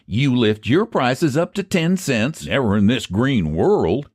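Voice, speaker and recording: A man's voice: medium pitch, very animated, slow pace, darkish tone, no room sound, clean studio sound. A man voicing a sly, scheming older rural pie seller with a rural American dialect and a folksy drawl. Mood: persuasive. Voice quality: folksy drawl, old-fashioned country grammar.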